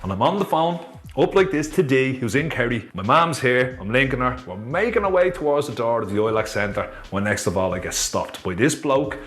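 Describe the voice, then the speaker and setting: A man with a Dublin Irish accent telling a personal story to viewers in a chatty, animated vlog. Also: medium pitch, a little fast. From Ireland. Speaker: author and motivational storyteller.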